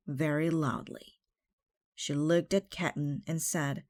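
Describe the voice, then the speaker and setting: A woman reading a children's picture book aloud, slowly and carefully. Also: deep voice, fairly even intonation, darkish tone, no echo, studio quality. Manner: slow, careful read-aloud. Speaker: storybook reader.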